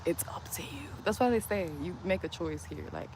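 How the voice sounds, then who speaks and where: A woman's voice: lowish voice, fairly quick. A woman livestreaming outdoors by a street, chatting casually and rambling, saying "like" constantly, into a phone. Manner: says "like" constantly, loose and rambling. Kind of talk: casual rambling stream chat. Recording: loud outdoor street noise.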